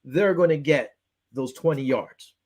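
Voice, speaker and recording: With a mid-range voice and a measured pace, this Western New York man runs a casual sports talk show. Frustrated and worked up, he dissects a game while performing his phone conversations as quoted exchanges, ranting in an animated way.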